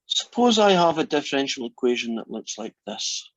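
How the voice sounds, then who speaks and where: A Scottish man lecturing a math class in a chatty, joking way, with ums and pauses. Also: medium pitch, sing-song, no room sound, muffled recording. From Scotland. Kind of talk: university lecture.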